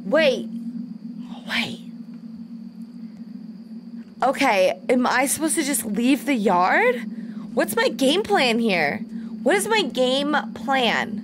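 A young woman with a high voice that swoops up and down, muttering nervously to herself as she streams a horror game. She curses freely and jumps at every scare. Her words come slowly, over a noisy background. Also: very animated. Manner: jumpy, swearing, talking to herself; nervous self-talk. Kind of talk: horror game let's play commentary.

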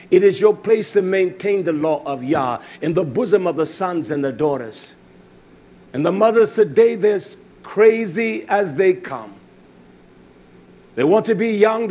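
A middle-aged man preaching a fiery, blunt sermon, who jumps from shouted lines to low mutters.

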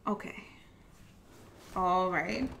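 A woman's voice: fairly low pitch, very slow, gravelly, a bit bright, slight background noise. A young woman giving chatty, casual commentary while playing a video game. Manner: chatty, reacts aloud to the game. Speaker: gameplay streamer. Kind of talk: casual let's-play commentary.

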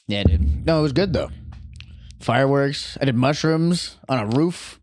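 A man's voice: medium pitch, darkish tone, dry recording. Guy from hawaii cohosting a comedy podcast, laughs a lot, swears, voice swings all over, dry close mic. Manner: laughing, profane, loose banter. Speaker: podcast co-host. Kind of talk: casual comedy chat.

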